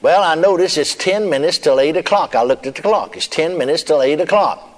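A brisk male preacher with a voice on the higher side and lively intonation recounts a sermon testimony in a down-home storytelling manner, chuckling and saying amen. Long hall reverb surrounds the recording.

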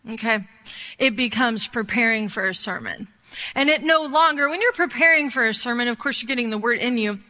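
A high-voiced woman preaches in a loose, talkative way, telling stories and filling pauses with ums and likes. Her tone is bright and forward. The sound carries a long hall reverb. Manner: chatty storytelling with many fillers. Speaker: minister. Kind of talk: sermon.

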